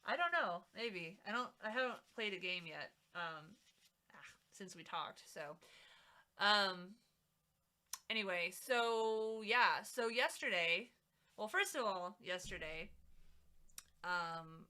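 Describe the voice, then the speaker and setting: A woman's voice: mid-range voice, expressive, takes it slowly, pauses often, pushed and bright. A woman live streamer in casual, rambling chat at her home setup, talking with lots of fillers into a mic set a little back from her mouth. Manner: rambling, chatty, many fillers. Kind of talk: casual chat while crafting. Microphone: mic set a little away from the mouth.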